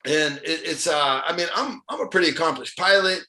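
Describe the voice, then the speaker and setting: A middle-aged man from Ohio, a motivational speaker guesting on a podcast, telling stories in an animated, casual way with frequent chuckles. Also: a little high, brisk. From Ohio, USA. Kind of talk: casual storytelling interview. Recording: echoey room.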